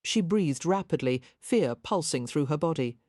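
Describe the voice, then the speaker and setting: A woman with a low, mellow voice narrates a historical romance in soft, measured storytelling. The recording is dry and close. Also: animated, no echo. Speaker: audiobook narrator. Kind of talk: scripted narration.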